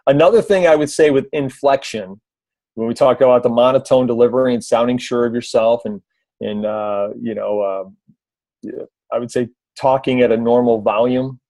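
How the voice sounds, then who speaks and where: A man's voice: medium pitch, dry recording. A man giving casual video tips on a team call, conversational, with many fillers and restarts. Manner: briefly mimics a loud announcer voice. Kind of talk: casual instructional talk.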